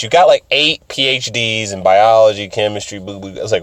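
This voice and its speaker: A man hosting a casual video, recapping an anime in an animated, profane way and laughing often. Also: lowish voice, a little fast, few pauses, no echo. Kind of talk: casual commentary.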